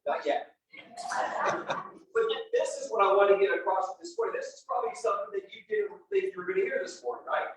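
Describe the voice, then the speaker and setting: At a real estate event, a middle-aged man shares a personal story with a live audience, speaking fast in a voice that sits high. He's animated and addresses the crowd head-on. The mic is far away, the room is very echoey, and there's faint noise.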